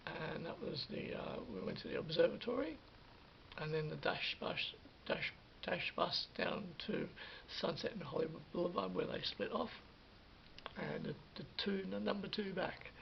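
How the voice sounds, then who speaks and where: A man casually recounting a story for a vlog, animated, restarting his sentences and acting out what people said. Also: high-pitched, normal speed, creaky. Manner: animated retelling with acted-out quotes and many restarts. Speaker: vlogger. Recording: dull lo-fi sound with faint hiss.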